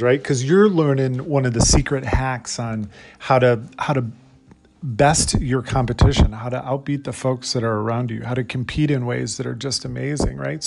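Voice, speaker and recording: A man's voice: mid-range voice, vocal fry, darkish tone. A man hosting a solo motivational podcast, talking energetically and asking his listeners lots of rhetorical questions. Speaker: podcast host.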